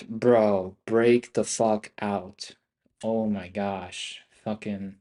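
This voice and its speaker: A man's voice: lowish voice, fairly even intonation, very slow, warm tone. A young man live-streaming his stock trades, frustrated and swearing constantly, calling out "bro" and "dude" as he talks to viewers. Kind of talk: live trading commentary.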